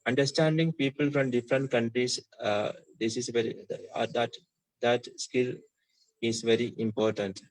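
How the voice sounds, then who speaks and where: A man from India with an Indian accent, explaining slowly with many pauses and fillers in a casual online discussion. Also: mid-range voice, fairly even intonation, no room sound, low-quality recording. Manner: hesitant, frequent fillers, plain explanatory. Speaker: discussion participant.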